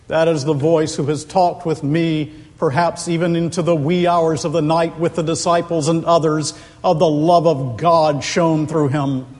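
A man preaching an expository sermon, slow and deliberate, building to impassioned emphasis, in a large church. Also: fairly high pitch, a little mellow. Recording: long hall reverb.

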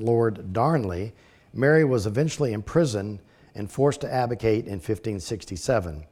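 A man teaching a class, reading from his notes and then breaking into relaxed, folksy asides. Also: mid-range voice. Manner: reads text aloud, then breaks into folksy conversational asides.

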